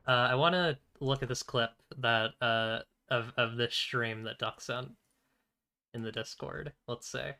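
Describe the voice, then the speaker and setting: A man giving relaxed, rambling commentary over a game stream. His voice is bright and clear at a middling pitch. He keeps his volume modest and often clears his throat between thoughts. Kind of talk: casual let's-play commentary.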